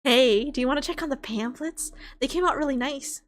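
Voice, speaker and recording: A woman voicing a cheerful teenage schoolgirl who leads a school club, bright and friendly. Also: high voice, a little fast, voice pushed up, lightly acted.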